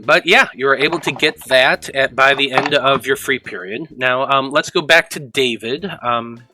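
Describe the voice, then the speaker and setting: A man narrating as game master of a tabletop role-playing game, rambling with halting restarts. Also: mid-range voice, noisy background.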